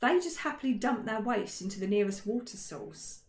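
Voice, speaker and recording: A woman's voice: mid-range voice, expressive, normal speed, slight background noise. A woman talks through history on a casual podcast, joking and filling gaps with ums. Her voice sits in a middle register. The room around her is roomy and echoes. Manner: chatty, jokey, many ums and self-corrections. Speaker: podcast co-host. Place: indoor room, shared with co-host. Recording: roomy echo.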